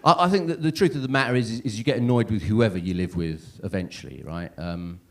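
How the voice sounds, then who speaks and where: A man's voice: on the low side, fast. A man in his thirties doing a stand-up comedy set in a comedy club, rambling and self-deprecating, checking in with the crowd constantly. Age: 30s. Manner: rambling, self-deprecating, lots of "right?" and "yeah?".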